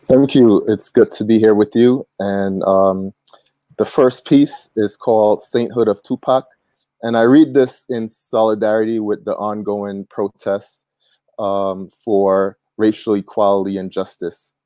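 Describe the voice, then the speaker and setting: Low, dark-voiced man reading spoken word. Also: steady tone, measured pace, no room sound.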